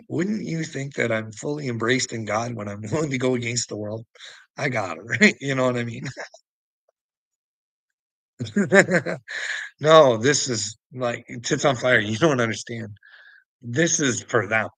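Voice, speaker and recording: Gravelly, husky man ranting profanely. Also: medium pitch, a bit bright, dry recording. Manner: swears constantly, rambling and preachy. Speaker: vlogger. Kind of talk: profane rambling monologue to camera.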